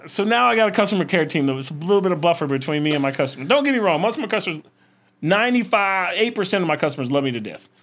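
A man's voice: sits high, animated, very fast, fairly bright tone. A man from Florida, a roofing salesman guest, telling blunt, brash stories in casual slangy chat.

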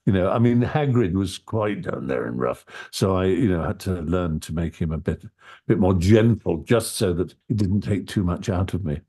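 A man with a low, husky voice and a dark, mellow tone, talking as an interview guest. He tells relaxed stories in an articulate way and keeps circling back to restart his sentences. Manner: articulate storyteller, halting with frequent restarts. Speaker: interview guest, audiobook narrator. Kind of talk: relaxed anecdotal conversation.

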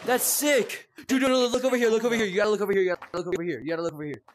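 A young man chatting casually while playing a game, excitable and repeating himself as he exclaims. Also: high voice, rapid-fire, noisy background. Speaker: gaming video creator. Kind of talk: casual gameplay chat.

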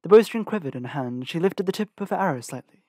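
A man reading a fantasy novel aloud as a fan audiobook, steady with occasional self-corrections. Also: a little high, fast, dry recording, studio quality. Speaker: audiobook reader.

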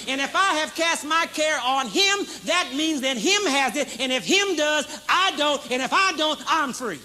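A man in his fifties preaching a sermon to a live congregation, emphatic and repetitive, moving between loud proclamation and low intense talk. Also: normal speed, hardly any pauses. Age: 50s. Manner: emphatic, repeats key phrases for effect. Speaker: pastor. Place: large church service with congregation responding.

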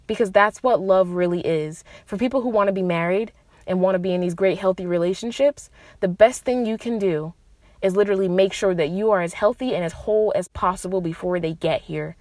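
A woman's voice: medium pitch, a little fast, darkish tone, no room sound. A young adult woman hosting a podcast, giving relationship advice in a casual monologue, blunt and profane, with emphatic rises on her key points. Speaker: podcast host.

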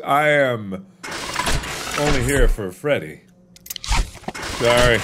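A man giving let's play commentary as a gaming host, switching between loud theatrical shouts and low muttered asides. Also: big pitch swings, slow, pauses often, background noise.

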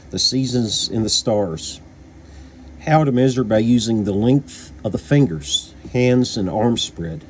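A man's voice: mid-range voice, a little mellow, slight background noise. A man from Kentucky with a Kentucky accent, casually reviewing a book, rambling with many fillers and restarts.

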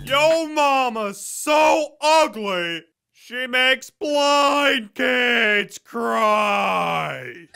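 Gravelly, lively comedy narrator who takes his time. Expect big pitch swings. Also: drawn-out words, shouting. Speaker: joke narrator. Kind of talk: animated comedy joke reading.

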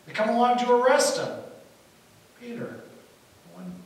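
A man preaching a sermon as pastor, telling the story in an animated way and acting out the quotes. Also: very high-pitched, a little slow. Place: church hall. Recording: echoey hall from far off, faint hiss.

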